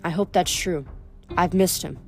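A woman reading aloud plays a young female leader, composed and commanding. Her lines sit low and quiet, each phrase measured, in a storybook reading. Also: gravelly, soft background music.

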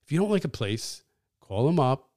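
A middle-aged man, a pizza shop owner, telling animated stories as a podcast guest, swearing casually. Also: medium pitch, normal speed, no room sound, clean studio sound. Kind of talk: casual storytelling. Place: podcast studio.

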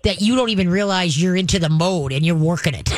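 A dog trainer giving chatty, coaching advice to a caller on a call-in show, with a quick laugh now and then. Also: medium pitch, no echo.

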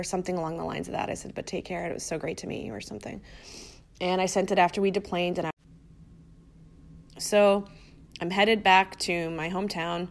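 A woman's voice: lowish voice, steady tone, brisk, creaky, long pauses. A woman hosting her own podcast, telling a personal story in a casual, chatty way full of fillers. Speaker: podcast host.

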